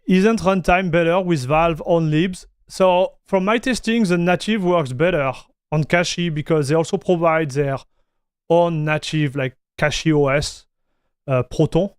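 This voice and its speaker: A man's voice: a little high, unhurried, clear, resonant tone, dry recording, studio quality. A young man from the south of France with a French accent, casually chatting with viewers on a live stream. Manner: casual, addresses viewers as buddy and dude.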